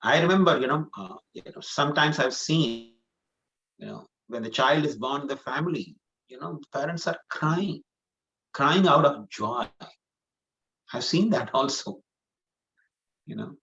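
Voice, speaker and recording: The man here, a spiritual teacher in a scripture class, has a slightly high, animated, fairly bright voice. He keeps a measured pace with long pauses. He answers a student earnestly, repeats himself, and says "you know" a lot, all on a dull lo-fi recording.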